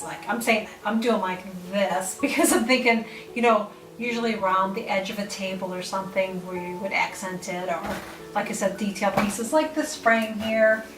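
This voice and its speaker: A woman's voice: mid-range voice, normal speed, roomy sound, far from the mic, music in the background, low-quality recording. A woman casually explaining how to accent painted furniture, rambling with fillers and correcting herself as she shows pieces at home. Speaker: home decorating vlogger.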